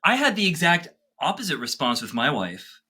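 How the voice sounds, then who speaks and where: A man's voice: on the high side, wildly swooping pitch, normal speed, bright, forceful tone, husky. A man co-hosting a casual podcast chat, speaking with enthusiasm and playful exaggeration. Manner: enthusiastic, playfully over the top.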